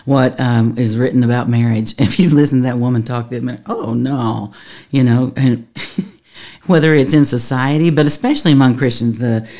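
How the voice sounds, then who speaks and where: A woman's voice: very deep voice, fairly even intonation, fairly quick, warm tone. A woman pastor talks through her podcast in an earnest, conversational way. She laughs easily and sounds like she is chatting, not preaching from a pulpit. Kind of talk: teaching podcast monologue.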